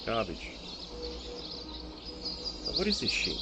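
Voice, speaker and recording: A man's voice: medium pitch, expressive, moderate pace, heavy background noise. A young man streaming a game live, swearing and ranting in exasperation about poor loot. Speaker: gaming streamer. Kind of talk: live gameplay commentary. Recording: loud game sounds behind.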